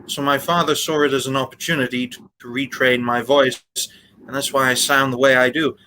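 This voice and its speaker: A man from Wales, a guest on a casual live stream, talking in a halting way with many restarts and slightly formal phrasing. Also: mid-range voice, flat delivery, sharp tone, slight background noise, poor audio.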